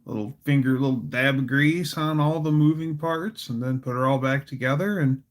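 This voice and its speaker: A man's voice: medium pitch, moderate pace. A man hosting a casual livestream, chatting in a goofy, playful way. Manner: goofy and playful, does silly voices. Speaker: livestream host.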